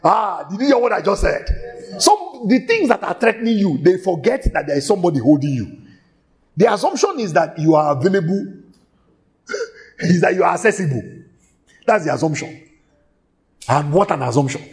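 A man's voice: sits high, big pitch swings, normal speed. A man preaching a sermon, emphatic and drawn out, repeating phrases for stress.

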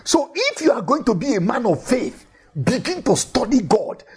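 A man's voice: very high-pitched, very animated, moderate pace, darkish tone, breathy edge. A man preaching a sermon in an emphatic way, repeating key phrases for effect and telling Bible stories with animation.

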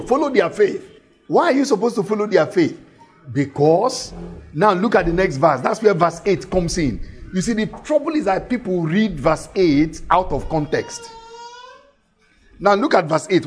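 A man preaching a sermon, reading scripture slowly and emphatically, repeating phrases and asking his listeners questions. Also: high voice, sing-song, soft background music. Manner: reads scripture slowly and deliberately.

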